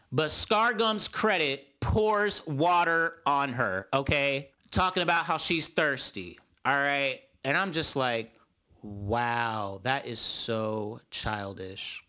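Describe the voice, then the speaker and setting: A young man casually recapping a reality show, animated and jumping up high when he mimics the cast.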